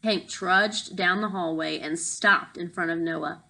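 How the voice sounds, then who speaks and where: A woman narrating a children's novel aloud, reading lively and voicing the characters. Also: fairly low pitch, a little slow, vocal fry, low-quality recording. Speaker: audiobook narrator. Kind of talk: storybook narration.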